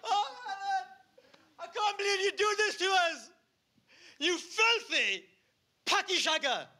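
A man's voice: lively intonation, takes it slowly, heavily acted. A male comedian acting out a hysterical, betrayed man who shrieks and wails at his partner. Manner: shrill, wailing, shouting. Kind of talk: stand-up act-out.

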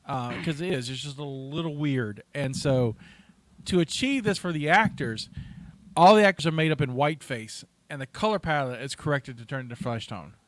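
A man's voice: a little high, moderate pace. A man co-hosting a casual movie podcast, reading out trivia in a chatty way, restarting his sentences and laughing at his own asides.

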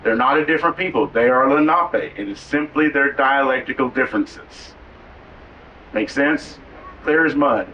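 A man's voice: medium pitch, moderate pace, bright, forceful tone, dull audio. A man from Oklahoma, a tribal cultural educator, speaking informally to a visiting group outdoors, joking and getting the crowd to repeat words. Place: outdoors at a waterfall site. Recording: distant mic with faint background noise.

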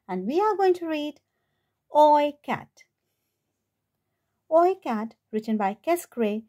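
Woman reading a kids picture book out loud, high lively voice, slow and sing-songy. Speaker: storyteller for children.

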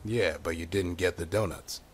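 An actor playing a hard-boiled male police detective, narrating in a gruff, dry noir style for a game. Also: low voice, fairly even intonation, normal speed, noisy background, close to an everyday voice. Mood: terse. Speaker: game character.

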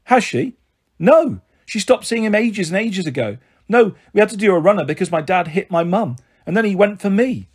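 A man's voice: sits high, expressive, normal speed, breathy edge, pitched above the performer's own voice. A man voicing a shy, earnest young girl in a lifted voice. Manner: earnest, hesitant.

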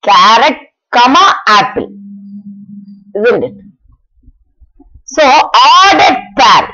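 A woman's voice: a little high, sing-song, pushed and bright. A woman teaching a math lesson, asking questions and answering them herself, repeating each step. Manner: slow, repetitive, asks and answers her own questions. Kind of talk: classroom lesson explanation. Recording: dull lo-fi recording.

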